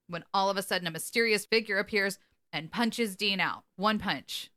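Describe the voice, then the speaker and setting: Woman, podcast co-host, bright voice, casual recap, animated quoting. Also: medium pitch, moderate pace. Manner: animated retelling, quoting characters with laughs.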